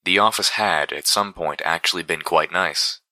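Low-voiced man reading a fantasy audiobook, crisp sharp tone, dry close sound. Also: moderate pace, no echo. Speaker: audiobook narrator. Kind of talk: first-person fiction narration.

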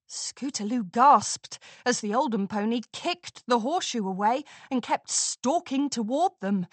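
Woman storybook narrator, slow, very lively pitch, dry close sound. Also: dry recording. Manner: expressive, unhurried reading.

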